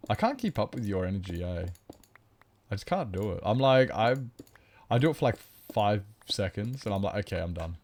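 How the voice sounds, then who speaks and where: A man's voice: fairly low pitch, big pitch swings, normal speed, a little mellow. A man streaming a survival game, chatting casually, reading chat aloud and drifting into mock-grand asides.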